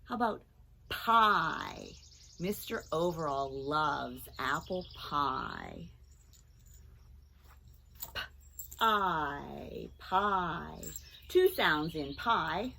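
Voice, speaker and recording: A woman teacher giving a children's phonics lesson, speaking clearly and encouragingly and breaking into song with the kids. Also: sits low, huge pitch swings, takes it slowly, bright, forceful tone, a little hiss or hum.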